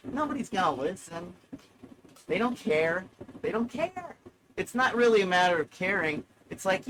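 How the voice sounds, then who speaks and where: A man's voice: fairly high pitch, noisy background. Sardonic, rambling male streamer. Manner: sardonic, self-mocking, swears freely. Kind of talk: rambling live-stream chat.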